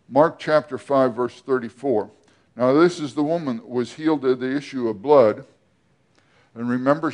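Man, pastor, sermon, slow deliberate delivery, asks the congregation questions. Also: mid-range voice, darkish tone.

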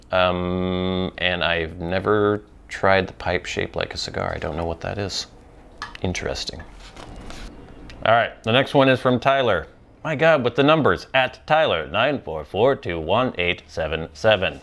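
A man's voice: sits low, a bit bright. A man hosting a pipe-smoking talk show, rambling through viewer questions in casual chat, with frequent ums and restarts.

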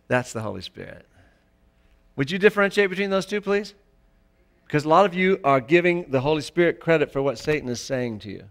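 A male pastor preaching a sermon in church, emphatic, rising to loud peaks. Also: fairly high pitch, very animated, a little fast, long pauses.

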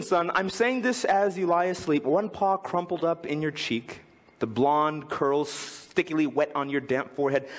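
A man preaching a sermon as pastor, telling a family story and reading a poem aloud with big swings in tone. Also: big-room sound. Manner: lively, swings from high to low when reading aloud. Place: church.

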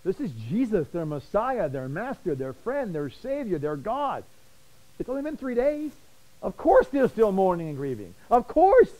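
A male Bible study teacher speaking with rushing, animated passion, words tumbling and repeating as his excitement builds. His voice sits a bit higher than most men's yet has a dark, mellow tone. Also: low-quality recording.

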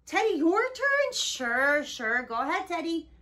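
A young woman hosting a children's learning show, talking to toddlers in a slow, exaggerated, encouraging way. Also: very high-pitched, sing-song, very noisy. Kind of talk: sing-song talk to small children.

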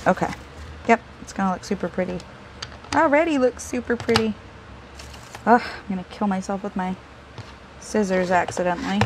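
A woman's voice: medium pitch, moderate pace, long pauses, noisy background. A woman hosting a casual crafting video, chatting and joking at herself as she works. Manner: chatty, self-deprecating, talks to herself while working.

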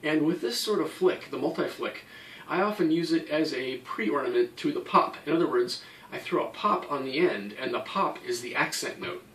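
A man's voice: fairly high pitch, lively intonation, moderate pace, very noisy. A man teaching a hand-drum technique, explaining each step patiently and counting the beats aloud. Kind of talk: instructional explanation. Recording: echoey room, somewhat far from mic. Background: drum playing.

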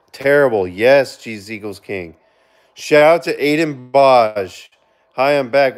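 A man hosting a casual live stream, reading viewer comments aloud and giving shout-outs, earnest with sudden excited outbursts. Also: mid-range voice. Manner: reads chat aloud and gives quick shout-outs. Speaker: livestreamer reading viewer chat.

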